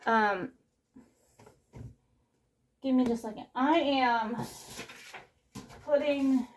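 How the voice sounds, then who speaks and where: A young woman vlogger chats casually while doing chores in her home kitchen, her voice high-pitched and extremely slow, with slight background noise. She rambles breathlessly, interrupting herself in a scatterbrained way.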